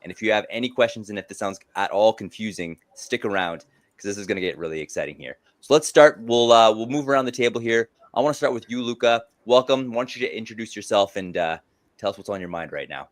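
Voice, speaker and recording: A man's voice: on the low side, lively intonation, quick pace, dry recording. A man hosting a panel discussion, welcoming each guest with effusive enthusiasm. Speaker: host.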